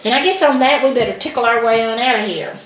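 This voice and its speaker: A woman from Alabama with a Southern accent and an animated, chatty manner, laughing often as she co-hosts a casual chat. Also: a little high, fast, roomy sound, background noise. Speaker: co-host.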